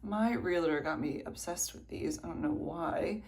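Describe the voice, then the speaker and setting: A woman in her thirties talks to the camera in a loose, chatty way, circling back and fixing her own words. Her voice sits low for a woman. A faint hiss of noise runs under the recording. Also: measured pace, darkish tone. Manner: chatty, rambling, self-correcting. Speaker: vlogger. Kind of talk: casual vlog chat. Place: home indoors, then outdoors at a race.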